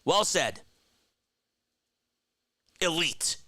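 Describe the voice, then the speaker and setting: A young man hosting a casual baseball fan livestream, excitedly talking to his chat. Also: a little high, extremely slow, dry recording. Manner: excited, animated, talks to chat as "bro" and "man". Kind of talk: casual post-game fan talk, reading chat.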